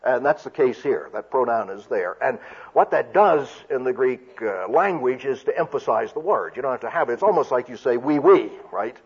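A man's voice: medium pitch, lively intonation, fairly quick, slightly rough. A man preaching an expository sermon, teaching carefully and restarting often as he explains. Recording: dull lo-fi recording.

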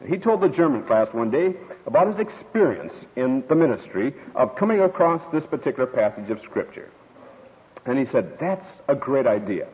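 A male pastor preaches at normal speed in a mid-range voice, teaching through stories and acting out quoted voices expressively. The audio sounds like a tinny radio broadcast with long hall reverb.

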